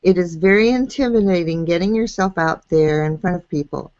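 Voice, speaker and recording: A woman's voice: fairly low pitch, a little fast, darkish tone, no echo, dull audio. A woman hosting a live video chat show, speaking in a thoughtful, encouraging way. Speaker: show host.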